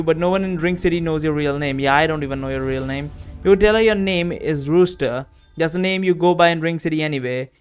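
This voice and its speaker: Brief: casual gamer man, fairly high voice, cursing and chuckling, soft music under him. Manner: profane, laughing, casual. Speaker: gamer playing a text adventure. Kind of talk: let's play commentary and reading aloud. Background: background music.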